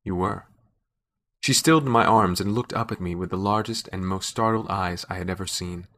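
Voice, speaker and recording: A man narrating a fantasy story in a measured, wry storytelling manner. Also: deep voice, fairly bright tone. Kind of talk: scripted narration.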